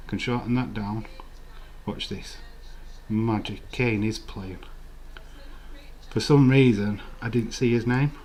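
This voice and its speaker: Man, stream host, casual watch-along chat, slow, profane banter. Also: mid-range voice, fairly even intonation, dark tone, a little hiss or hum.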